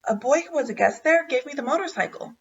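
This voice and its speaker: A woman's voice: high-pitched, animated, fast, recorded from a distance, muffled recording, slight background noise, voice pushed up. A woman voicing a small, eager male mouse who pleads and coaxes in a raised voice. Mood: urgent.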